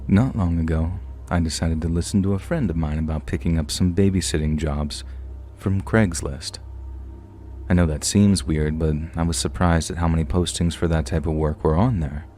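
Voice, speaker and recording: A man reading a scripted first-person horror story in a steady, plain storytelling manner. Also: low voice, moderate pace, faint music behind.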